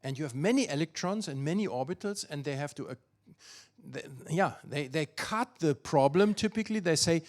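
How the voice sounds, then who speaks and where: A man's voice: on the high side, lively intonation, moderate pace. An older man with a German accent, giving an academic physics lecture and thinking aloud, with many fillers and restarts.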